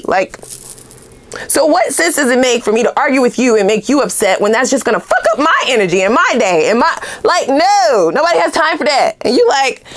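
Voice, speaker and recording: A woman giving a casual tarot reading to her viewers, animated and blunt, swearing freely and laughing often. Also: on the high side. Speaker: tarot reader.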